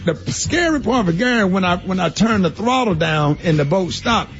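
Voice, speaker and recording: A man's voice: high voice, animated, normal speed, a bit bright. A man hosting a radio morning show, telling rambling stories while laughing at his own jokes. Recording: muffled radio broadcast with music bed.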